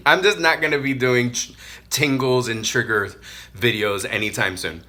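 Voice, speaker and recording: A young adult man from Puerto Rico chatting casually while eating on camera, loud and playful with frequent hums of enjoyment. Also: medium pitch, moderate pace, slight background noise. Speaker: mukbang vlogger.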